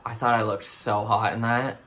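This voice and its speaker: A young Canadian man with a Canadian accent, reacting to his old TV show in animated, self-mocking casual commentary. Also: fairly low pitch, normal speed.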